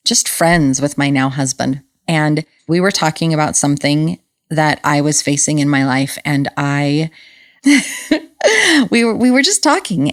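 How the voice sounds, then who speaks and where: A woman's voice: low-pitched, no echo, clean studio sound. A woman hosting her own podcast, talking earnestly and conversationally about relationships and sharing personal stories. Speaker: podcast host. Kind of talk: reflective solo talk on relationships.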